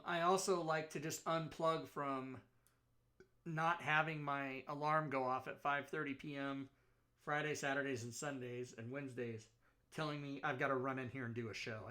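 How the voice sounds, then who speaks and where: Bright, rambling male livestream host. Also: mid-range voice. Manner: loose, rambling, joking with chat. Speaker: talk show host. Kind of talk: casual livestream chat.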